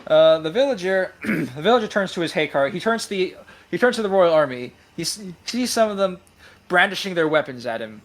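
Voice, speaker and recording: Casting: casual game master, quick to laugh, fairly high voice. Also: male voice, lively intonation. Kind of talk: narrating a tabletop game.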